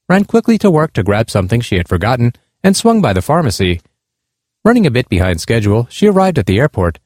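A man narrating a nonfiction account in a measured, earnest reading. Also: mid-range voice, darkish tone, no echo, studio quality.

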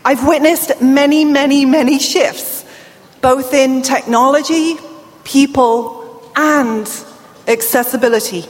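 Speaking slowly in a steady tone that sits high, this keynote speaker is a middle-aged woman from England with a British accent and a slight deaf accent. She jokes with the crowd during her conference talk, and the large event hall adds long reverb and faint ambience.

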